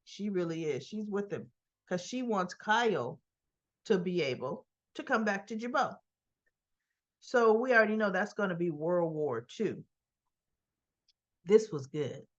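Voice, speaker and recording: Woman, soap recap host, slow casual delivery, muffled lo-fi sound. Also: medium pitch, expressive. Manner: acts out characters' lines in quotes, chatty asides. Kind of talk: casual retelling of episode scenes.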